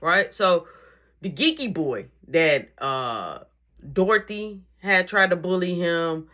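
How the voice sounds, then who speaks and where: Animated young woman telling a story. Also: on the low side, takes it slowly. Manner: animated, acts out every exchange in dialogue. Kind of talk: casual storytime narration.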